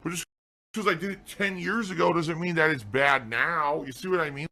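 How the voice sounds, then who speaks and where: A man's voice: a little high, moderate pace, bright, forceful tone. Male streamer, sarcastic, defensive rant to chat. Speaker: game streamer.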